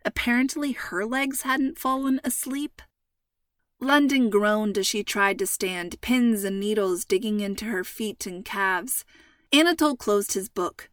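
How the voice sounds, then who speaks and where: A woman narrates a story with clear, even delivery. Her voice sits at a middle pitch, recorded close and dry. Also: unhurried, no room sound, far from the mic. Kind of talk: scripted narration.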